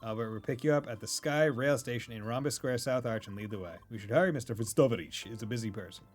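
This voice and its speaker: A man's voice: mid-range voice, fast, close to an everyday voice. A man voicing a formal, secretive man who speaks stiffly and carefully.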